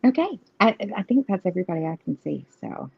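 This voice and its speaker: A woman's voice: lowish voice, big pitch swings, fast talker, vocal fry, breathy edge. Giggly, rambling woman on a dull stream. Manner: laughs often, chatty and rambling. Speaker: host of live tarot readings. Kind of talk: casual live-stream chat.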